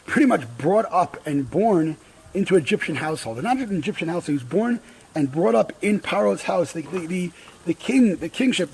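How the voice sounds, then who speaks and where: A man's voice: sits high, a little mellow, slight background noise, low-quality recording. A man giving an informal Torah talk outdoors by a grill, conversational, with frequent restarts and asides. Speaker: Torah teacher.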